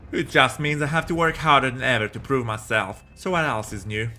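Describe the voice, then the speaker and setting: A man's voice: medium pitch, fairly quick, pushed and bright, soft background music, lightly acted. A man voicing a plucky young male soldier with a put-on Southern US accent, reading game dialogue aloud in a folksy drawl with homespun sayings.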